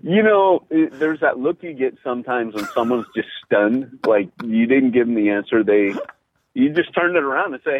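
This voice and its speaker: A middle-aged man, a pastor and podcast host, telling stories in casual chat, animated and full of "you know" and restarts. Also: medium pitch, moderate pace, no room sound. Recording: tinny phone-like line, dry.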